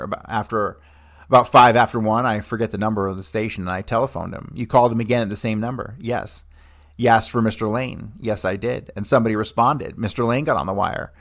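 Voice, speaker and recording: A man reading a hearing transcript aloud on a podcast, taking both the questions and the answers in one steady voice. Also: lowish voice, a little fast, gravelly. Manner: steady reading voice that plays both questioner and witness without changing voice.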